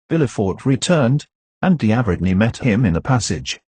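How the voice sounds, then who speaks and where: A man narrating a classic novel in a steady, measured reading, recorded close to the mic. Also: lowish voice, slightly rough, dry recording. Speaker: audiobook narrator.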